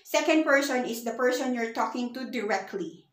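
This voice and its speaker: A woman teaching a beginners' language lesson on her own channel, explaining slowly with many fillers. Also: a little high, expressive. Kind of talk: casual online lesson. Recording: echoey room.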